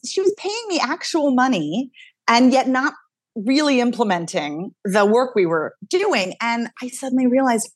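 A woman, a dialect coach talking energetically as a guest, thinking out loud with quick restarts. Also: fairly high pitch, husky, dry recording, studio quality. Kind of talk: casual interview chat.

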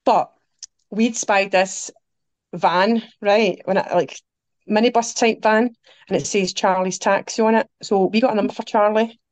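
A woman's voice: mid-range voice, measured pace, no echo. Chatty Scottish woman telling travel tales. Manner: animated, quotes people, laughs through her stories. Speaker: podcast guest. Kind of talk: anecdotal storytelling chat.

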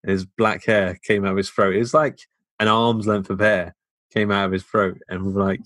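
Young male podcast co-host, Midlands accent, lowish voice, relaxed, dry close-miked sound. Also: moderate pace, no room sound. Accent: English Midlands. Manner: laid-back, chuckles often. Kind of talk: casual film review chat.

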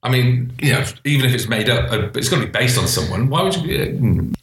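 A man co-hosting a podcast, trading jokes and quick asides in casual chat about adverts. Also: medium pitch, expressive, roomy sound, a little hiss or hum. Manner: jokey, playful, quick asides. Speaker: podcast co-host.

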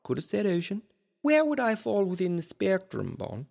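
A man's voice: high-pitched, wildly swooping pitch, moderate pace, vocal fry, darkish tone, heavily acted. A man playing a vain, pompous British spy chief in a comedy sketch. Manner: pompous, theatrical, posh upper-class.

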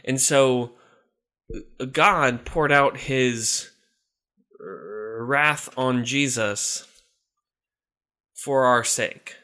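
A man's voice: mid-range voice, extremely slow, pauses often, pushed and bright. A man hosting a casual chat, rambling and chuckling as he talks, often restarting his sentences. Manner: rambling, chuckling, self-interrupting.

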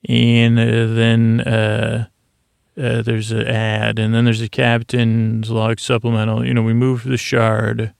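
A man's voice: mid-range voice, monotone, takes it slowly, gravelly, clear, resonant tone, no echo, studio quality. A man hosting a podcast, giving a sleepy recap of a TV episode in a rambling, meandering way with many fillers. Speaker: podcast host.

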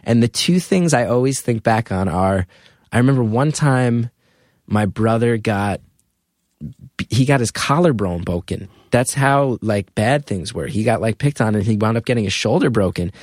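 A comedian telling personal stories in a casual conversation, animated and full of fillers. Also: male voice, on the low side, moderate pace, no echo, clean studio sound. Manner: animated, filler-heavy storytelling with acted quotes. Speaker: comedian guest.

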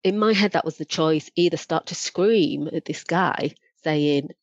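Unhurried and sitting low, the voice belongs to a woman guesting on a podcast, a former probation practitioner telling candid tales of her work and animatedly voicing the people in them. The audio is dry, dull and lo-fi.

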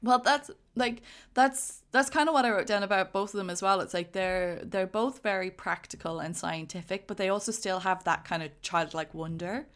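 A woman's voice: medium pitch, normal speed, hardly any pauses, fairly bright tone. A woman co-hosting a casual podcast, talking about a film in a chatty way and laughing often. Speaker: podcast co-host.

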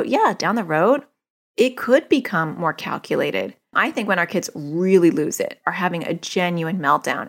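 A middle-aged woman giving casual parenting advice to a listener, animated and often acting out what kids and parents say. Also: on the low side. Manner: animated, acts out quoted voices of kids and parents. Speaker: parenting coach answering a listener.

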